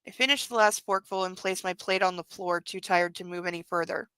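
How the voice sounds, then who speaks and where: A woman reading a novel aloud with sarcastic, irreverent commentary, sometimes dropping to a hush. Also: on the low side, steady tone, a little fast, smooth, no echo, poor audio. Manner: wry and irreverent, drops to a hushed whisper for some narration. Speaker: book club podcast host.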